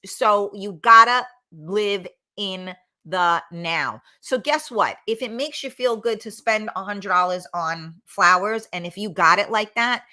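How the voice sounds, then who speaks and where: Blunt, rambling, bright-voiced woman host. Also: on the low side. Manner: rambling, blunt, swears freely, frequent fillers. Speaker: talk show host reading live comments. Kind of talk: casual live-stream chat.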